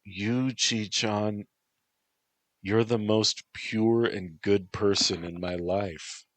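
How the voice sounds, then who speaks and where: A man voicing a sarcastic young man weighed down by guilt, speaking in a low, slow voice. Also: fairly even intonation, no room sound. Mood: remorseful. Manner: sarcastic, quietly remorseful.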